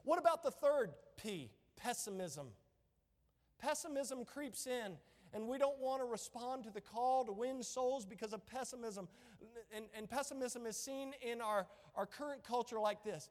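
A middle-aged man preaching an impassioned sermon as pastor, rising to shouts. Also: very high-pitched, expressive, moderate pace. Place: church sanctuary. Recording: echoey church hall.

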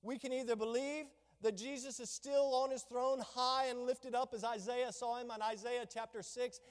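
High-voiced preacher in a reverberant hall. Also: male voice, fairly even intonation, normal speed, smooth. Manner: preaching with sweeping swings from loud proclamations to hushed, low asides. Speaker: pastor. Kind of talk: sermon. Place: church sanctuary. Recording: long reverb of a large hall.

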